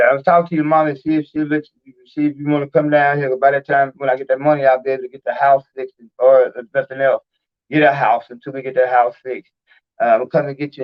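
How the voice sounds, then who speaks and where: A man hosting his own video, talking in a rambling, heartfelt, informal way. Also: medium pitch. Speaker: video host. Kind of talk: casual live-stream talk. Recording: dull lo-fi recording.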